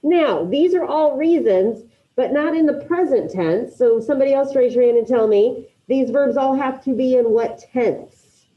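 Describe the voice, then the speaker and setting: A woman with a high voice teaches an online high school Spanish class at a moderate pace. Calling on students by name, she encourages their answers. The recording has the dull, lo-fi quality of video call audio.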